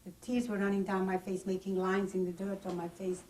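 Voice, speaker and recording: A woman's voice: mid-range voice, monotone, brisk, mellow, distant mic, slight background noise, rough recording. An older woman giving oral history testimony, recounting her memories in plain, vivid first-person detail. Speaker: interviewee. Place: private home.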